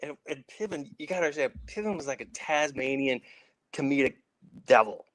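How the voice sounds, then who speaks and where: A man's voice: mid-range voice, fairly quick, a bit bright, dry recording, poor audio. A middle-aged man from Saint Louis, an actor guest telling rambling stories with many restarts and acted-out quotes. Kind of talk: casual storytelling.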